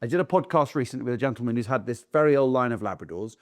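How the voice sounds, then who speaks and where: A man's voice: mid-range voice, rapid-fire. A middle-aged man, a dog trainer, talking bluntly and casually, acting out owners calling their dogs. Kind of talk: casual talk to camera.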